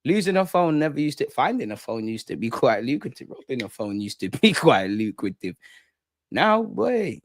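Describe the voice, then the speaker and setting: A man's voice: medium pitch, sing-song, moderate pace, no room sound, clean studio sound. Slangy young London man chatting. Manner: slangy, chatty, laughs a lot. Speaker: livestream host. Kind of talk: casual live chat reading viewer comments.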